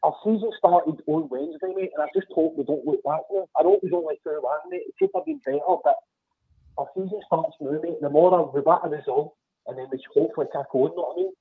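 A fast-talking man rings in over a tinny phone line, his voice gravelly and husky. He talks casually about football and drops "mate" into nearly every sentence. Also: on the high side, sing-song, no echo. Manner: chatty, says "mate" constantly. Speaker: phone-in caller.

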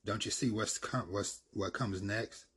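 A man's voice: lowish voice, steady tone, a little slow, fairly bright tone, breathy edge, heavily acted. A man voicing an angry, defiant man who confronts a crowd and talks bluntly. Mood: exasperated.

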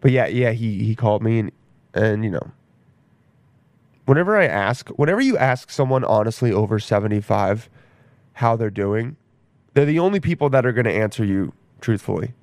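A man's voice: fairly low pitch, animated, moderate pace, darkish tone, no room sound. A young man rambling casually in a profane, self-mocking monologue as a podcast host.

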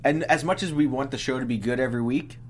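A man's voice: medium pitch, quick pace, a little hiss or hum. A man from Philadelphia co-hosting a podcast, chatting casually and often trailing off mid-thought. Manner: animated, trailing off, restarts. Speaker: podcast co-host. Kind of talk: casual chat.

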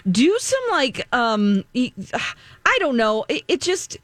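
A woman's voice: high-pitched, very animated, takes it slowly, fairly bright tone, no room sound. A woman co-hosting a morning radio show, giving rambling, opinionated takes. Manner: opinionated, rambling, laughs a lot. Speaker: radio co-host. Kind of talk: casual radio banter.

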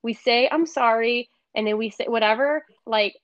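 A woman's voice: a little high, fairly even intonation, normal speed, no room sound. A woman in her thirties, co-hosting a casual chat, speaking earnestly and with emphasis. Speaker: podcast co-host. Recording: dull, dry lo-fi sound.

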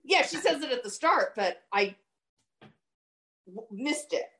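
Woman cohost, slow talker, pitch jumps around a lot, short reactions. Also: lively intonation, sharp tone. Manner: short reactions, laughs along. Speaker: podcast co-host. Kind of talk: casual chat.

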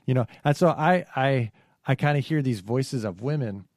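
Male podcast co-host, mid-pitched, earnest and halting, dry close mic. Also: a little mellow, no echo. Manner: earnest, halting, many fillers and restarts. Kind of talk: casual podcast discussion.

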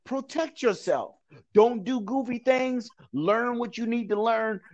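A man's voice: very high voice, measured pace, muffled recording. A man giving motivational advice as an interview guest, earnest and repetitive, preaching with frequent laughs.

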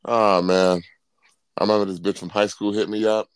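A man's voice: on the low side, flat delivery, normal speed, clean tone, no room sound. A man co-hosting an uncensored podcast, laid-back and laughing as he tells stories. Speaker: podcast co-host. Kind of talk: casual uncensored podcast banter.

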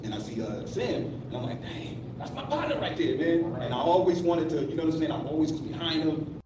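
A man's voice: on the high side, fast. A man giving a rambling, laid-back tribute speech at an event, full of fillers. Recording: echoey distant clip with room noise.

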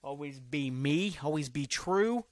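A man's voice: on the high side, expressive, unhurried, no room sound. A man hosting a solo podcast, rambling from topic to topic in loose, profane talk that often trails off. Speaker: podcast host.

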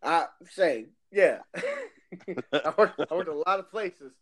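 A man's voice: a little high, animated. A man in casual chat, laughing and swearing as he mocks clueless bosses. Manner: laughing, profane, mocking bosses in quick bursts.

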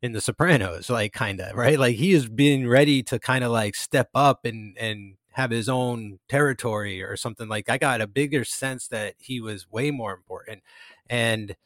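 An excitable man co-hosts a casual podcast and swears freely as he rants. His voice sits in the middle range, recorded dry and close to the mic. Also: mid-range voice, normal speed, no room sound. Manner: excitable, profane, animated asides. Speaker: podcast co-host. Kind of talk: casual chat.

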